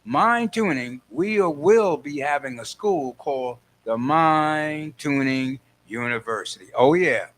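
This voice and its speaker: An older man hosting a radio talk show, animated and playful, acting out little scenes as he talks. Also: a little high, takes it slowly, hardly any pauses. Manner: lively, playful, acts out voices, frequent laughs.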